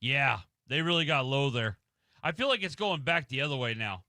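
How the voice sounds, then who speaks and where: A man's voice: medium pitch, expressive, normal speed, bright, forceful tone, no room sound, clean studio sound. A man co-hosting a radio show, teasing and needling a coworker in casual banter. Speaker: radio co-host.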